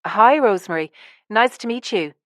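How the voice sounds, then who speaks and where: A woman's voice: mid-range voice, expressive, normal speed, dry recording, studio quality, lightly acted. Woman voicing an earnest, nervous woman.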